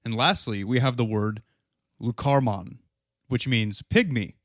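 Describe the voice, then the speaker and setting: A man's voice: medium pitch, a little slow, dry recording, studio quality. A man co-hosting a podcast, chatting casually with blunt, teasing jokes. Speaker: podcast co-host.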